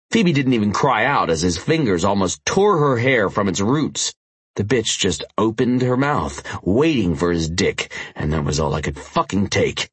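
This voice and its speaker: A man reading first-person audiobook narration in a gritty, profane, intense manner, with a husky voice. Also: on the low side, no room sound.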